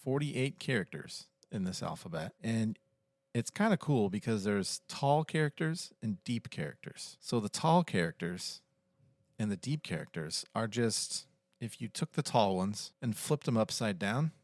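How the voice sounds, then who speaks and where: A man co-hosting a podcast, explaining facts at length in a relaxed, casual chat. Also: lowish voice, measured pace, no room sound. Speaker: podcast co-host.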